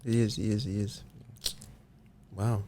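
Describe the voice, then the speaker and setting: A man co-hosting a sports podcast, talking easily and thinking aloud with pauses in casual chat. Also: on the low side, level tone, warm tone, a little hiss or hum. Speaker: podcast co-host.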